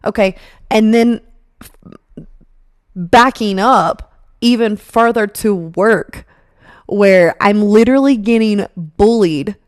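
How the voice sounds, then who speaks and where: Young woman podcast host, casual storyteller, lively and laughing, mid pitch, dry close recording. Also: takes it slowly, pauses often, dry recording. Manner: animated, laughing often, acting out quotes.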